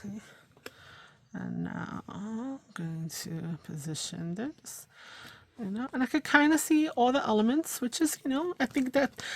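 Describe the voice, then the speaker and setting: A woman hosts a casual crafting livestream. She thinks aloud as she works, fills pauses with ums and you-knows, and laughs at herself. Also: mid-range voice, husky. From New York, USA. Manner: chatty, thinks aloud while working, frequent fillers; self-deprecating, laughs at herself. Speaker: craft channel host.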